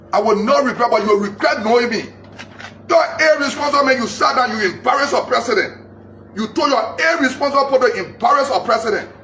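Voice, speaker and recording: A man in an angry political rant, accusing and repeating himself, shouting at times. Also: very high-pitched, slight background noise. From Liberia. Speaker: political commentator. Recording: echoey, distant mic with faint ambience.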